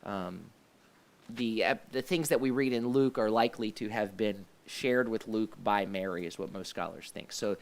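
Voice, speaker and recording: A man's voice: lowish voice, normal speed. Man hosting a rambling church chat. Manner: rambling, with many restarts and fillers. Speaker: host of a church discussion show. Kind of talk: casual discussion.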